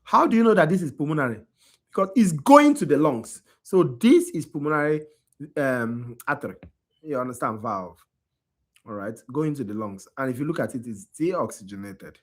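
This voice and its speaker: A worn-out man teaches an anatomy class. His voice is husky and his pitch rises and falls a lot. He keeps asking his students whether they follow. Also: lively intonation, normal speed. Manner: quizzing students with repeated checks like "you understand?". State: tired. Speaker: anatomy instructor. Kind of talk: classroom lecture.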